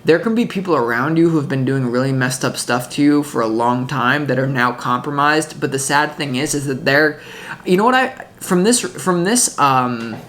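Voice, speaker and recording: Intense tarot reader rambling on, restarts a lot, mid pitch, swears now and then. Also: fairly bright tone, slight background noise. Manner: swearing, emphatic. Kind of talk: casual tarot reading.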